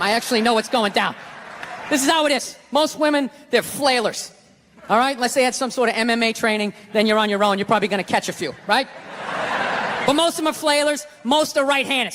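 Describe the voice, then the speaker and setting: A middle-aged man with a Boston accent telling a stand-up story, profane and ranting, often tagging lines with "right?" and acting out other people's voices. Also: very high-pitched. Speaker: stand-up comedian. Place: large theater on stage. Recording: live hall reverb, crowd noise. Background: audience laughter.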